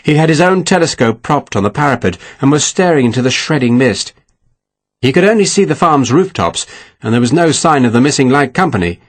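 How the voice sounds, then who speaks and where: Audiobook narrator, male, husky, lively delivery. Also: medium pitch, brisk. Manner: expressive storytelling. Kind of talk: scripted narration.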